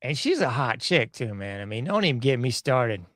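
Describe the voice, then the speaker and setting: A man's voice: medium pitch, sing-song, moderate pace, a bit bright, dry recording, clean studio sound. A man hosting an online show, giving casual, mocking commentary on news clips in a slangy, laughing manner.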